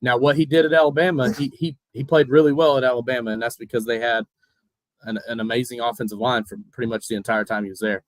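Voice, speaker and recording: A man's voice: mid-range voice, fairly even intonation, quick pace, dry recording, rough recording. A man on a sports podcast panel, emphatic, who often stammers at the start of a sentence. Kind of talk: casual sports chat.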